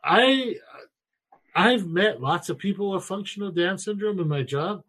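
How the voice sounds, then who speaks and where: A middle-aged man co-hosting a podcast, telling crude, animated stories about his kids in casual talk. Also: high-pitched, measured pace. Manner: profane, animated storyteller. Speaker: podcast co-host.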